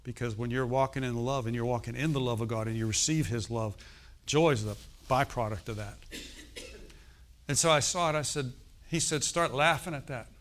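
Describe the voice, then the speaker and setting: A man's voice: medium pitch, fairly quick. A middle-aged man preaching a sermon in a conversational way, often checking in with "okay?" and "amen". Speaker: pastor.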